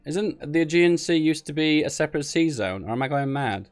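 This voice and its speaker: Soft background music accompanies a man streaming live, casual commentary on a strategy game tournament, where he thinks aloud and wanders off into rambling asides. His clear, resonant voice sits on the high side and moves a little fast.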